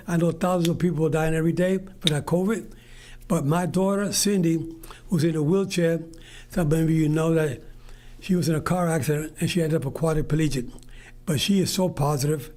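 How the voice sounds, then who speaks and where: Rambling older man hosting a radio show. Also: a little high. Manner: warm, rambling, earnest motivational talk. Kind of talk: solo talk show monologue. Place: radio studio.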